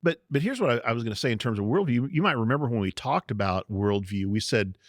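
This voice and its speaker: A man's voice: medium pitch, lively intonation, fast, no echo, clean studio sound. A man co-hosting a podcast, teaching on the Bible in casual chat, explaining step by step and laughing easily. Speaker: podcast co-host.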